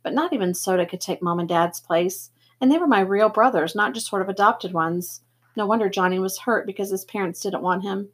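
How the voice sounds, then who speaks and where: Woman, novel read aloud, first-person narration, steady, mid pitch. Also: fairly quick, slightly rough. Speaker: reader.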